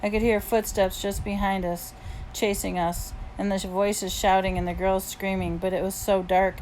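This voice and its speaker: A woman's voice: mid-range voice, flat delivery, moderate pace, darkish tone, slight background noise, rough recording. A woman reading a novel aloud in the first person, with plain, easygoing storytelling. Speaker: audiobook reader.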